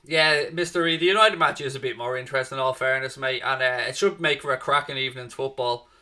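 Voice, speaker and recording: A man's voice: mid-range voice, quick pace, pushed and bright. A man hosting a live football watchalong stream, chatting casually and greeting viewers by name with matey banter. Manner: addresses listeners as mate and folks. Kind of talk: live casual match-preview chat.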